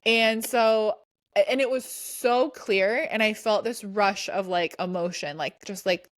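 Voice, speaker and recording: Speaking at a measured pace in a medium-pitched voice, this podcast co-host rambles through a story, restarting often and saying "like" a lot. It's casual chat, recorded dry with studio quality.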